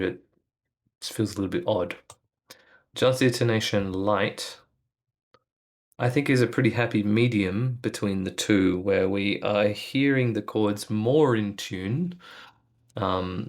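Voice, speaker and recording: A man calmly explaining musical tuning in a video lesson, thoughtful and musing, with frequent fillers. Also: fairly low pitch. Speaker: music educator.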